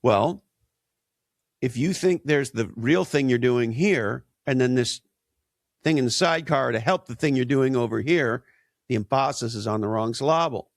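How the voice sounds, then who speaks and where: Male guest, mid pitch, punchy and emphatic, rhetorical style, dry sound. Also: normal speed, creaky, no echo. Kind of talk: conversational interview.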